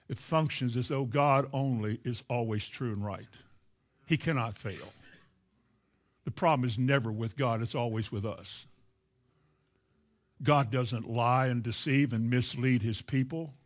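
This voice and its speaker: A man with a Kentucky accent preaching a sermon in a folksy, earnest way, acting out the voices he quotes. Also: medium pitch.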